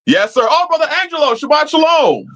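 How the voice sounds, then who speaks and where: Answering viewers in his live-chat stream, this host swears openly and slips into a casual, sermonizing tone. His voice is very high, sing-song, brisk, and a touch bright.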